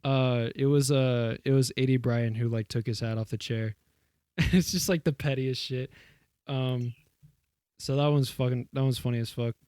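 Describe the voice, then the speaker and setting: A young man co-hosting a casual podcast, telling a story in loose, rambling bursts full of fillers and swearing. His voice sits at an ordinary middle pitch, and the sound is dry and close. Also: steady tone, moderate pace, mellow, clean tone, dry recording. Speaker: podcast co-host. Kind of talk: casual chat.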